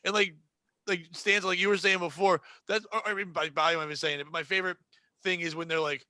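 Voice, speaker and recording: Podcast host, male, bright tense voice, dry close sound, profane joking banter. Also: high-pitched, steady tone, fast, dry recording. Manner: joking, profane, acts out customers. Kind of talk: casual podcast chat.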